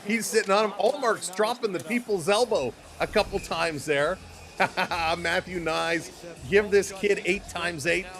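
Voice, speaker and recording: A man's voice: high-pitched, a bit bright. A man hosting a live stream, calling the play-by-play in a casual, chatty way and greeting viewers by name between calls. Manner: rapid play-by-play calling of hockey action. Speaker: live-stream sports host.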